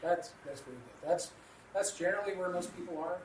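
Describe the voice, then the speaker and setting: A man's voice: high-pitched, fast talker. A man co-hosting a Christian radio talk about marriage, explaining with everyday examples in an earnest way. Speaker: co-host teaching a Christian marriage class. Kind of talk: casual radio discussion. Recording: echoey room, distant from the mic, noisy.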